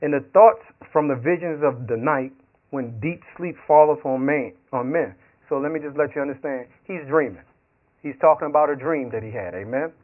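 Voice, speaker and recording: A man's voice: a little high, moderate pace. A man preaching a sermon, telling stories with acted quotes, laughing along as he goes. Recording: tinny phone-like radio sound.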